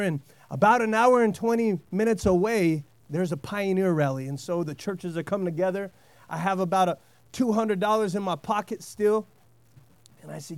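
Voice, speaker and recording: High-voiced animated male preacher. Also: no echo. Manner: animated storytelling, frequent "amen". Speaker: pastor. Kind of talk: sermon with personal story.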